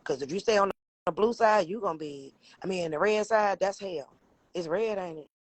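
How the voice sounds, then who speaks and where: A woman's voice: on the low side, normal speed, no room sound, low-quality recording. Emphatic, profane woman on a livestream. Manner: emphatic, profane, laughing often. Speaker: livestream co-host. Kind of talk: casual livestream talk.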